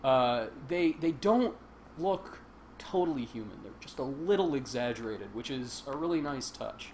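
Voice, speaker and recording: A man's voice: medium pitch, lively intonation, moderate pace, darkish tone. A man hosting a casual game stream, joking and laughing as he plays and comments. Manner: joking, chatty, laughs often. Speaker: stream host. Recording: faint game noise behind. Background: game sound.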